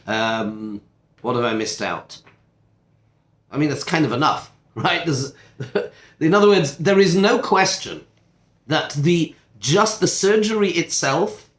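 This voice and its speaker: Rabbi lecturing in an echoey classroom. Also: male voice, on the high side, fairly bright tone. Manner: conversational, self-interrupting, asides and rhetorical questions. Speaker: rabbi teaching a study group. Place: seminar classroom.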